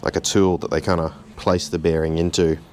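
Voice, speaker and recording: A man, casually walking through a car repair in his garage, relaxed and chatty with a self-deprecating streak. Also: sits low, fairly quick, a little hiss or hum. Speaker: home mechanic host. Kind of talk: casual how-to narration.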